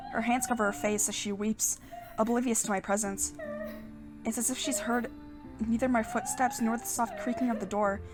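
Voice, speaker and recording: Giggly woman reading game text aloud. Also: fairly high pitch. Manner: giggly, casual asides between narration. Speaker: let's play host.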